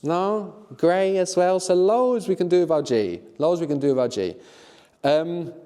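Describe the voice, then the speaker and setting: A middle-aged man teaching a live workshop, encouraging the learners and often checking in with a quick "no?". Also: sits high, lively intonation, warm tone, clean tone, big-room sound. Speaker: language teacher.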